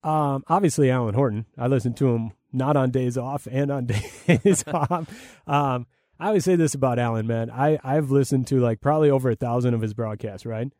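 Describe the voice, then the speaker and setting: A man's voice: medium pitch, normal speed, darkish tone, no room sound, studio quality. A man, a play-by-play broadcaster, answering interview questions in a rambling, enthusiastic way with many fillers and restarts.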